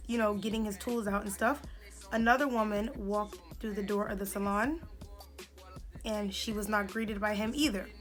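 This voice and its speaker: Woman, 20s, beauty vlogger, indignant animated storytelling, bright tone, faint music. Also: mid-range voice. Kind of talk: storytime while doing makeup.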